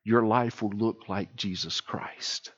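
A man preaching a sermon as pastor, swinging between loud emphatic lines and quiet near-whispered ones. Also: lowish voice, steady tone, slow, breathy edge, dull audio.

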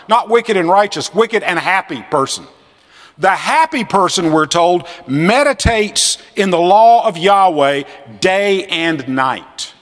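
A man giving a classroom lecture on scripture, animated and fond of acting out the voices he quotes. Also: high voice, in a large hall. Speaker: seminary lecturer.

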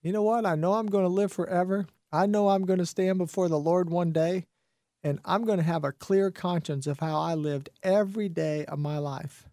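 On a radio talk show, a high-voiced man preaches with fervent motivational conviction, repeating phrases for emphasis. His tone is dark and his intonation fairly even, at a normal speed. It's recorded in a radio studio on a studio microphone, studio quality with no room sound.

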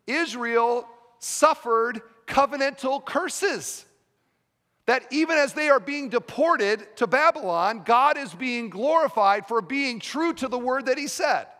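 A man preaching a sermon as pastor, emphatic, with rhetorical questions and sudden drops to a quiet voice. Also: extremely high pitch, big-room sound.

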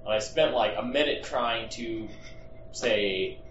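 A man's voice: medium pitch, takes it slowly, a bit bright, a little hiss or hum. Jokey man far off in an echoey room. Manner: rambling, jokey storytelling. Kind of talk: casual chat. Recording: dull roomy sound from a distance.

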